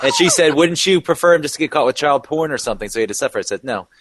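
A man playing a bitter, dark-humored coworker with a deadpan, matter-of-fact delivery in an improvised comedy sketch. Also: a little high, rapid-fire, a little hiss or hum.

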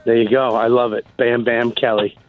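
A man's voice: medium pitch, flat delivery, moderate pace, no room sound, narrow, tinny audio, faint music behind. A man calling in as a comedian guest, boasting and joking in trash talk. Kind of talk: casual call-in banter.

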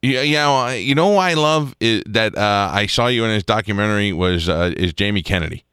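Teasing radio host with a low voice. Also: male voice, a little fast, a bit bright, clean tone, no echo, clean studio sound. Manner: teasing, rambling with many restarts. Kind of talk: casual radio interview. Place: radio studio. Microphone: studio microphone.

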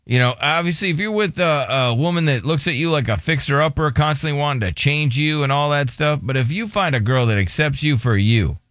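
A man hosting a morning radio show in a dry, close studio sound, his voice a touch higher than most men's. He jokes and teases his co-host while reading out listener answers in a casual, chatty way. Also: animated, fairly quick, hardly any pauses, fairly bright tone, no room sound. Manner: joking, teasing, prompts co-host with questions.

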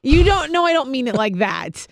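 A man's voice: very high voice, big pitch swings, normal speed, creaky, no room sound, studio quality. A man co-hosting a podcast, chatting in a teasing, upbeat way and laughing easily. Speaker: podcast co-host. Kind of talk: casual chat.

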